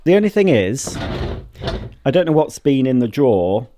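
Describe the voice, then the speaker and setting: Sex: man. Style: casual home vlog, chatty and self-mocking. Pitch: middling. Mic: handheld camera at arm's length. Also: big pitch swings, moderate pace, mellow, a little hiss or hum. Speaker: vlogger. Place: at home, indoors.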